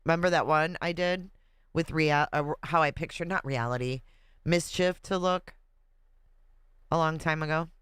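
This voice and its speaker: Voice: medium pitch, fairly even intonation, moderate pace, pauses often, a bit bright, clean tone, no room sound, clean studio sound. A livestream host chatting casually and reading viewer comments aloud, laughing often.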